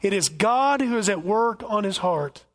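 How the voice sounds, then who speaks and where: A man's voice: high-pitched, lively intonation, normal speed. A male pastor giving an expository sermon with folksy asides and jokes.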